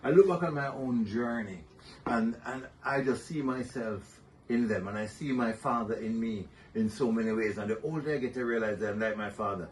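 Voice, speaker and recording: An older man sharing fatherhood stories in an interview, gentle and measured, chuckling often. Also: mid-range voice. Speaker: guest. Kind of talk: reflective interview storytelling. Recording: somewhat distant mic with faint noise.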